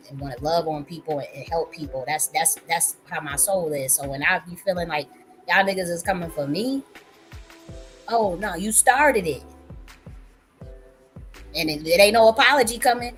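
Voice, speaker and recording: A woman from the Buffalo area of the US hosts a livestream on a livestream mic, talking casually and emphatically, laughing, swearing a lot, and repeating words. Her voice is lowish and fairly bright, at normal speed with long pauses, over soft background music.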